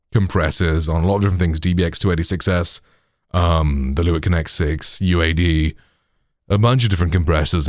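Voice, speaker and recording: Deep-voiced British man explaining gear. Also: no echo, clean studio sound. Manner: chatty, with frequent "like", "you know" and "right". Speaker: tech tutorial host. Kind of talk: casual tutorial explanation. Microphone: processed studio microphone.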